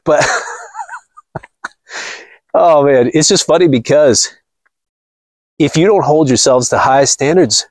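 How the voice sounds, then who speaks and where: A man rants to his viewers in a blunt, mocking monologue while out walking. His voice is a bit husky and jumps lively in pitch. The sound is dry and close. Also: dry recording. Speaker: vlogger. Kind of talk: casual ranting monologue.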